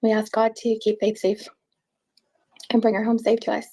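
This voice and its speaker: Upset woman recounting stuff, raspy fry in her voice, stops and restarts a lot. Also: on the high side, little pitch movement, warm tone, rough recording. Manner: halting, repeats words, distressed. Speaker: interviewee. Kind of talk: emotional personal account.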